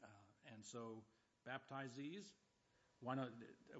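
A man pastor preaching a sermon, with loud emphatic bursts and dry humorous asides. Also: medium pitch, unhurried, highs cut off.

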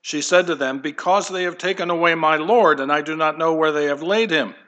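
A man's voice: fairly high pitch, fairly quick, bright, forceful tone, muffled recording. A man preaching a conversational sermon to his congregation, with light humor and asides. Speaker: pastor.

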